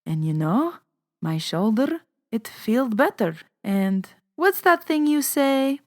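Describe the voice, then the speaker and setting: A woman's voice: fairly high pitch, big pitch swings, slow, pitched above the performer's own voice. Woman putting on a Lebanese-accented grandmother in her eighties. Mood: puzzled. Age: 80s. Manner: insistent, matter-of-fact. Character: tiny elderly Lebanese grandmother, chatty and insistent.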